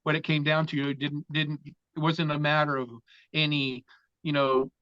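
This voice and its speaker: A man's voice: fairly high pitch, moderate pace, clear, resonant tone, dry recording. Profane storytelling man from Florida. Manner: profane, animated storyteller who acts out other people's lines. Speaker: interview guest. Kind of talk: storytelling in a casual interview. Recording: dull, lo-fi sound.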